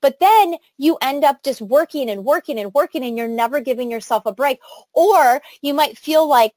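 A woman's voice: high voice, moderate pace, dry recording. A middle-aged woman leading a motivational training talk for her sales team, enthusiastic and chatty with many fillers and restarts. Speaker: network marketing team leader.

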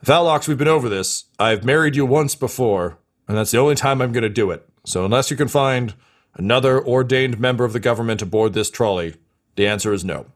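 A man's voice: mid-range voice, fairly quick, natural voice. A man voicing a weary male station official who talks in a dry, exasperated way.

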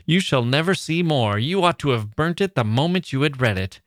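A man reading aloud and voicing a jealous 18th-century gentleman who pleads and rages theatrically. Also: medium pitch, measured pace, no echo, studio quality, natural voice. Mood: furious. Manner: impassioned, theatrical outbursts.

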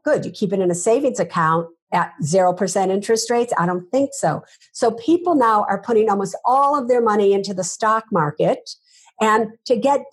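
Breathy, emphatic woman finance author. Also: medium pitch. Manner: emphatic, rhetorical questions, repeats herself. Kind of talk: interview answers.

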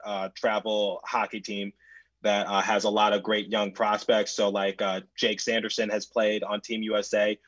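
A young man tells a story on a podcast, excitable and full of restarts. He sounds dry and close, with a dull, lo-fi tone. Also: fairly low pitch, no echo. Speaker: podcast guest. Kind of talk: casual podcast chat. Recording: dull lo-fi mic.

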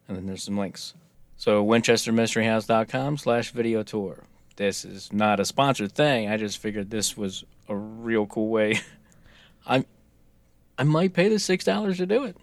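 A man's voice: fairly low pitch, normal speed, dry recording. A man co-hosting a podcast in casual chat, reading out a promo then joking along. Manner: reads promo text flatly, then joking banter. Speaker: podcast co-host.

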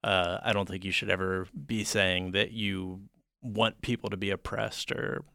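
A man co-hosting a podcast, laid-back, with deadpan jokes and many fillers. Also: low-pitched, unhurried, creaky, no echo, studio quality. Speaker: podcast co-host. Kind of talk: casual chat.

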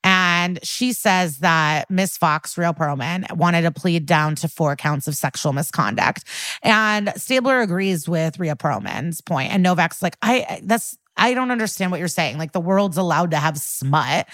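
A woman's voice: lowish voice, animated, fairly bright tone, no room sound, studio quality. A woman co-hosting a podcast, casually recapping an episode and acting out lines from it with laughing asides. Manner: retells scenes with quick quoted lines, laughing asides. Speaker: podcast co-host.

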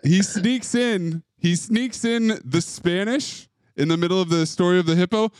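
A man's voice: sits high, normal speed, a little mellow, no echo, studio quality. A man co-hosting a podcast, telling stories with enthusiasm and laughter in casual chat. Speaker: podcast co-host.

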